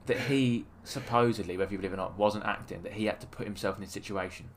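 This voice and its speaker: A man's voice: fairly low pitch, fast talker, slight background noise. A man co-hosting a podcast, telling long rambling stories in casual chat with many fillers. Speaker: podcast co-host.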